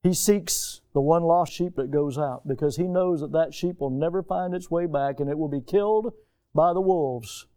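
Mellow, smooth-voiced male pastor preaching. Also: normal speed. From United States. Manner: preachy, swings from soft and low to loud and high for emphasis. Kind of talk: sermon.

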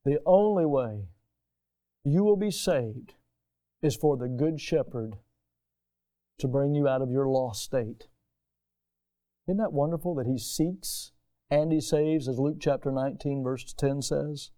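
Middle-aged American male pastor, sermon delivery, mellow and resonant, rises loud for emphasis then drops low. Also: a little slow, pauses often. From United States. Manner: preachy, swings from soft and low to loud and high for emphasis.

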